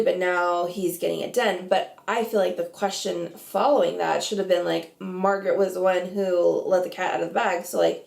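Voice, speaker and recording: A woman's voice: mid-range voice, creaky, darkish tone, echoey room. A woman vlogging her reality TV reactions in a casual, opinionated way, with lots of "like". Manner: chatty, opinionated, heavy use of "like". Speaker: reality TV commentator.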